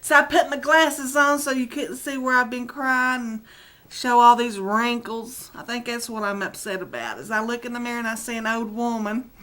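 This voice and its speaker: A woman's voice: on the high side, moderate pace, bright, forceful tone. Teary middle-aged woman chatting. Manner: rambling, self-deprecating, chatty. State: teary, close to crying. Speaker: video blogger. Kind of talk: casual chat to camera.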